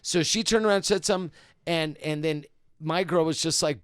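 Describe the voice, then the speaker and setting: A man's voice: on the high side, fairly quick, clean tone, dry recording, clean studio sound. A man, a comedian guest on a podcast, telling a profane story in casual chat. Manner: animated, profane storytelling, acts out quotes loudly.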